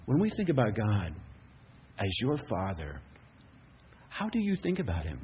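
A man's voice: lowish voice, huge pitch swings, a little slow, darkish tone, highs cut off, a little hiss or hum. A man preaching a sermon, telling a story and building to impassioned rhetorical questions. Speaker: pastor.

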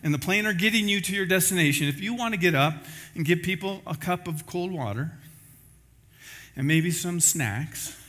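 Give me a man preaching a sermon in a casual, conversational way, with a slightly high voice. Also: normal speed, fairly bright tone. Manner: conversational preaching, folksy examples. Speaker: pastor.

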